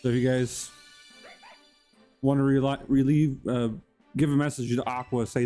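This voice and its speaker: A man's voice: medium pitch, level tone, moderate pace, dark tone, soft background music. A man streaming live and hosting his channel, chatting casually in a rambling, goofy way and greeting viewers by name.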